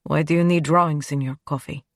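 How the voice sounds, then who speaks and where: Woman narrator doing a brawny male detective with a Russian accent. Curt and blunt, he sounds scornful or flatly official. He is recorded in a dry studio. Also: low voice, brisk, dry recording.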